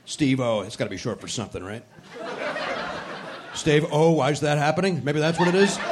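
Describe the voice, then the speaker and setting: A man's voice: fairly high pitch, a little fast. A man hosting a podcast live on a comedy club stage, talking in a brash, sarcastic, profane way. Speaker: podcast host. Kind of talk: live stand-up style podcast banter. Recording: live club recording with crowd and noise. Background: audience laughter.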